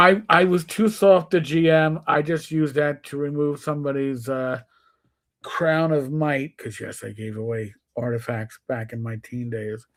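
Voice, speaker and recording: A man with a New York accent, in his fifties, spinning stories on a casual live stream. His voice sits slightly higher than most men's. He slips into quick voices for the people he quotes. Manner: storytelling, acts out quoted players with shifting voice. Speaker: co-host.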